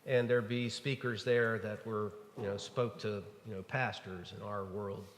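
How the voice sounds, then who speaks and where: A pastor preaching a sermon in a church, telling stories in a relaxed, conversational way with frequent fillers. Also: male voice, fairly low pitch, measured pace. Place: church sanctuary. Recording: echoey church hall.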